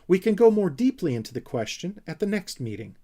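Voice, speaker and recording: A man's voice: high-pitched, sing-song, a little fast, warm tone, voice pushed up. A man voicing a fussy, self-important young male Snork creature who talks in a bossy, pompous way.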